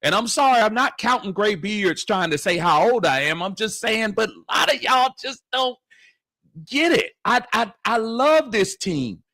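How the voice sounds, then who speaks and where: A man co-hosting a casual sports chat, joking with a drawn-out delivery. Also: high voice, lively intonation, pushed and bright, dry recording, clean studio sound. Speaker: sports podcast co-host.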